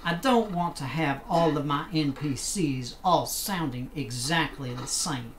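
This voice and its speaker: A man's voice: a little high, a little slow, slight background noise. A man streaming a video game, chatting casually and thanking viewers with rambling asides. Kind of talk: casual live game commentary.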